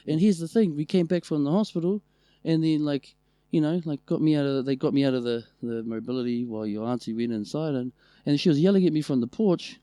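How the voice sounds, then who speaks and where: A man's voice: mid-range voice, a little fast, no room sound. Swearing New Zealand man telling stories. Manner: animated, swears a lot, acts out family members' voices. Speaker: podcast co-host. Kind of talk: casual storytelling chat.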